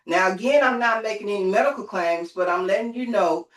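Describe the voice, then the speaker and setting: Woman telling a lively story, far off. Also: mid-range voice, fairly quick. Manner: lively storytelling, calls on listeners. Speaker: group host. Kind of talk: motivational group call talk. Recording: roomy, from off the mic.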